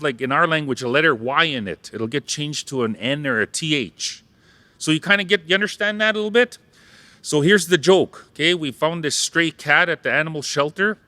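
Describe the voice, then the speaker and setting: A man's voice: fairly high pitch, pushed and bright, dry recording. A man from Saskatchewan, Canada, giving a playful public talk as a Cree language teacher and ceremonial helper, joking and leading the audience in repeating words. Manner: playful, jokes, leads audience call-and-response.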